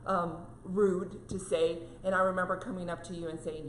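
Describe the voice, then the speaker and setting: A woman's voice: on the low side, level tone, normal speed, a bit bright, echoey room, slight background noise, rough recording. A woman co-hosting a casual devotional chat, telling a heartfelt story with many fillers. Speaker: co-host.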